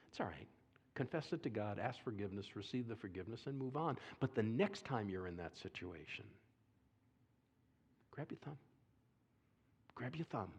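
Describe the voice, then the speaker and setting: A man delivers a sermon in a church, his voice rising and falling across a wide pitch range. He tells a story with energy, acts out voices and keeps asking the congregation to respond. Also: normal speed, long pauses, husky. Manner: animated, calls for audience response, acts out quotes. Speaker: speaker at a church seminar. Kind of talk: lively sermon storytelling with audience questions. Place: church sanctuary.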